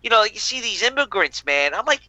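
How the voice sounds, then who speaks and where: A man's voice: sits high, expressive, brisk, pushed and bright, no room sound, low-quality recording. A man in casual podcast chat, ranting emphatically with plenty of swearing.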